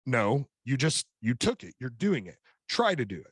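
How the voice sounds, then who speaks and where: A man's voice: medium pitch, sing-song, moderate pace, breathy edge, no room sound, studio quality. A middle-aged man, a podcast guest, tells a personal story earnestly in casual chat, often restarting his sentences. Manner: earnest storytelling with many repeated starts. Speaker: podcast guest, author and coach.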